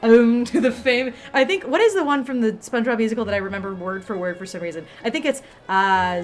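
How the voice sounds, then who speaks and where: A woman's voice: on the high side, fast talker, few pauses. Rambling woman streamer, full of fillers. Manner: rambling, many fillers and restarts. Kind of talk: casual chat on a livestream.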